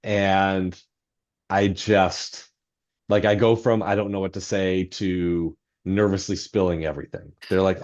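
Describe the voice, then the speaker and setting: Male interview guest, lowish voice, rambling and self-deprecating, many fillers, muffled lo-fi sound. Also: level tone, a little slow, a little mellow. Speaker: novelist guest. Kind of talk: anecdotal storytelling in podcast interview.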